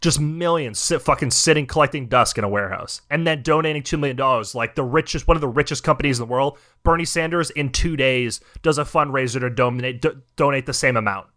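A man's voice: mid-range voice, quick pace, hardly any pauses, pushed and bright. A young man hosting a podcast, ranting in heated, profane casual chat. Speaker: podcast host.

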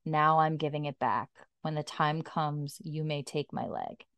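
A woman's voice: low-pitched, a little slow, creaky, a bit bright, clean tone, dry recording, heavily acted. A woman quoting a wounded man speaking solemnly and tenderly to his wife, staying close to her own voice.

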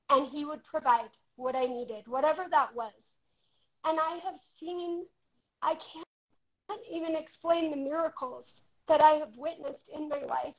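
Heartfelt woman in her forties, lo-fi. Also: high-pitched. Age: 40s. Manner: heartfelt, candid, varying loudness. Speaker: guest. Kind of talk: personal testimony in conversation. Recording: dull lo-fi sound.

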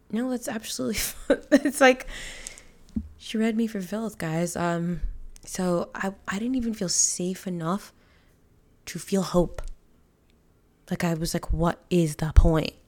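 A woman's voice: medium pitch, a little mellow. A young woman hosting a podcast, talking candidly and emotionally in a rambling, filler-heavy way. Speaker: podcast host. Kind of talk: casual confessional monologue.

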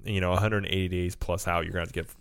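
A man's voice: sits low, little pitch movement, rapid-fire, a bit bright, clean tone. A man co-hosting a casual chat full of theme park tips, rambling with fillers. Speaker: co-host.

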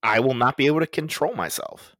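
A young man co-hosting a casual podcast, chatty and animated, swearing casually while telling stories. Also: mid-range voice, a little fast, no echo. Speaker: podcast co-host.

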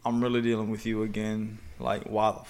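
A man's voice: on the low side, completely flat delivery, fairly quick, a little mellow. A man, a sheriff's deputy being interviewed, talking bluntly and emphatically about his work, with frequent swearing. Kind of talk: casual conversational interview.

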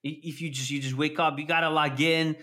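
A man chatting casually on a podcast, animated and swearing constantly as he acts out scenes. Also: a little high, brisk. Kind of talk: casual profane chat.

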